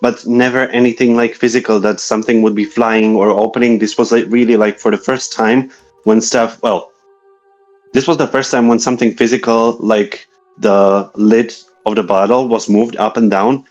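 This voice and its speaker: Guy with a lowish voice telling a creepy story, lots of um and like, bit shaky, faint music under it. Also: flat delivery, normal speed, a little mellow, muffled recording. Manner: hesitant, searching for words, many fillers. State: a little shaky from reliving memories. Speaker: guest telling ghost experiences. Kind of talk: casual storytelling.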